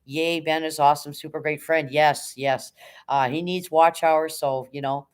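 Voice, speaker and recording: A woman hosting a casual livestream, reading chat and cheering viewers on in a hyped, rapid auctioneer-like patter, swearing now and then. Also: deep voice, steady tone, clean tone. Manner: chatty, encouraging, swears casually. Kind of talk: casual live-stream chat.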